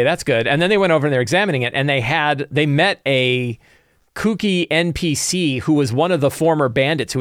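Man, game master, casual session recap, animated storyteller, mid-pitched voice, dry close sound. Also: no echo. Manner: animated, acts out player and NPC quotes, frequent restarts.

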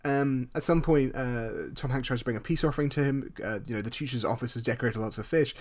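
A man's voice: mid-range voice, quick pace. A man co-hosting a podcast, recapping a film casually with wry, joking asides. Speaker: podcast co-host.

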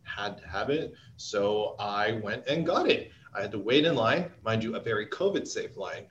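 A man's voice: lowish voice, animated, normal speed, a bit bright, highs cut off, slight background noise. A man co-hosting a podcast in upbeat, playful casual chat, from Canada. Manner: upbeat and playful, eats on mic. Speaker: podcast co-host.

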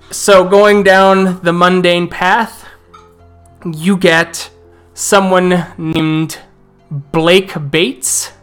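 Slow-talking male game master. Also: sits high, fairly bright tone, smooth. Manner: slow, drawn-out narration with restarts. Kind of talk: narrating a tabletop game.

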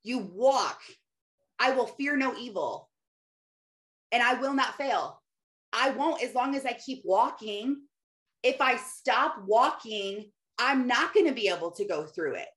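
Chatty woman in her 30s, slightly high. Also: expressive, a little slow, a bit bright. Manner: conversational, earnest, laughs often, quotes scripture. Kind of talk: casual faith-based encouragement talk.

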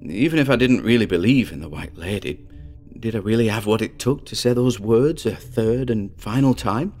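A man voicing a smug teenage boy spinning a campfire horror tale in a radio-play reading. He tells it with a lowish voice that builds slowly, with soft music running underneath. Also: animated. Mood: spooky. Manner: boastful, building suspense. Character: cocky teenage boy telling a ghost story.

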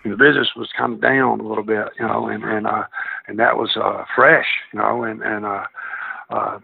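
A gravelly, husky-voiced man with a drawl tells his stories in a loose, rambling way, often doubling back mid-thought. He comes through a thin, tinny phone line. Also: fairly low pitch, level tone, fairly quick, no room sound. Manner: rambling, circling back on himself. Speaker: guest, former wrestler. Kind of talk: casual interview storytelling.

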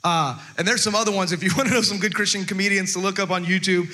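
A man's voice: sits high, steady tone, quick pace, sharp tone. A male pastor giving a chatty, humorous sermon, stumbling over restarts and acting out quotes.

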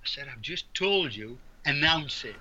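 Bright-voiced English ex-referee telling stories. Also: male voice, mid-range voice, lively intonation, a little slow, husky. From England. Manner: rambling anecdotes with restarts and laughs. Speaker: guest, former basketball referee. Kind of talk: storytelling in an interview. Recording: dull lo-fi audio.

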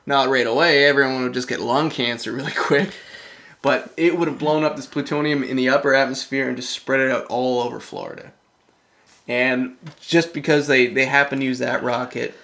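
Gravelly man, rambling casual chat. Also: mid-range voice, steady tone, moderate pace, a bit bright. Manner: rambling, loose, swears casually.

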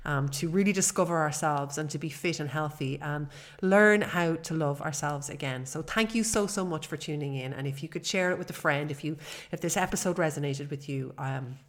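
A woman's voice: sits low, a little fast. A woman, hosting a personal podcast in an earnest, chatty way with fillers. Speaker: podcast host.

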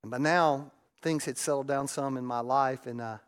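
A middle-aged man, preaching a sermon and telling a raw, emotional personal story that swings between loud and hushed. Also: medium pitch, fairly even intonation, normal speed, clean tone. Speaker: pastor.

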